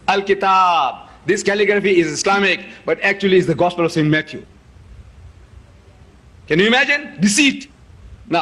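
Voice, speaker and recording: Emphatic, high-pitched man lecturing. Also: fairly bright tone, slightly rough. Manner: emphatic, showing objects and repeating key words. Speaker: debate speaker. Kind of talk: public lecture to an audience.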